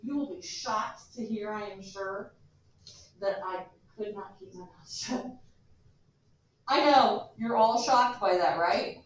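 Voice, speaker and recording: A woman teacher lecturing her class, animated and joking with her students, recorded from a distance in a classroom. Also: mid-range voice, takes it slowly, pauses often, slight background noise. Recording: echoey classroom from far off.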